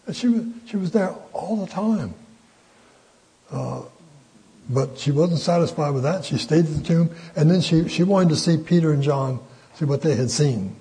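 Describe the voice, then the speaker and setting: Older man teaching a mellow Bible lesson. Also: fairly high pitch, animated, husky, low-quality recording. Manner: halting, frequent fillers, folksy and conversational. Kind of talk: informal Bible study teaching.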